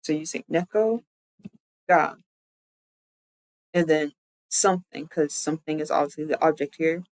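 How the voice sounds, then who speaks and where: A streamer talks through a casual live-stream lesson, chatty and loose, often correcting themself mid-sentence. The voice sits at a middling pitch and sounds dry and close, with no room around it. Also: a little slow, darkish tone, no echo, poor audio. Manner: chatty, loose explanations full of "like"; self-correcting, thinking aloud. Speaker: streamer teaching language.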